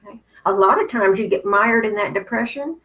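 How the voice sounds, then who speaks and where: A woman's voice: medium pitch, brisk, bright, forceful tone, rough recording. A woman in her fifties giving a candid spiritual talk, blunt and conversational with some profanity. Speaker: spiritual channel host.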